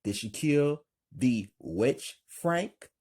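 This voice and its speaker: A man reading the lines of a polite, calm woman in a husky voice, pitched a little up. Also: very slow, slight background noise. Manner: polite, calm, slightly raised voice. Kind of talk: amateur script read-aloud.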